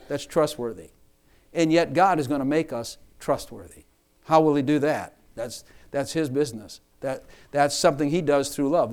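A man's voice: a little high, darkish tone. A man preaching a sermon to his church, emphatic, repeating and rephrasing lines for stress.

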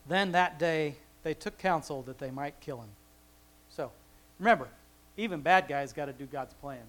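A man's voice: a little high, normal speed, a bit bright, low-quality recording. Chuckling man teaching the Bible casually. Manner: conversational, chuckling asides, frequent restarts.

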